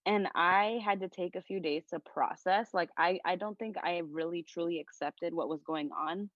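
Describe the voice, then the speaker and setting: A woman's voice: on the low side, moderate pace, fairly bright tone, no echo. A young woman chatting as a podcast guest, speaking earnestly and from the heart, with lots of "like" in her talk. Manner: earnest, heartfelt, leans heavily on "like". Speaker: podcast guest, content creator. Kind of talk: casual conversation. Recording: dull lo-fi recording.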